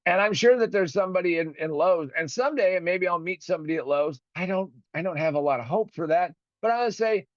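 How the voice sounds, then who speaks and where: A man's voice: high-pitched, fast talker, few pauses, dry recording, dull audio. Profane, indignant male podcast host. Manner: profane, indignant, acts out both sides of phone calls. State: recovering from a broken finger. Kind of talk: ranting monologue.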